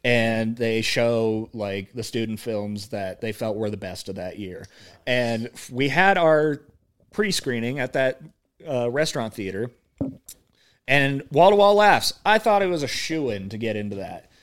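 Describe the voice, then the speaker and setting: A man's voice: mid-range voice, animated, unhurried, smooth. A young man co-hosting a podcast, rambling through casual chat, laughing often and acting out movie lines. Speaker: podcast co-host.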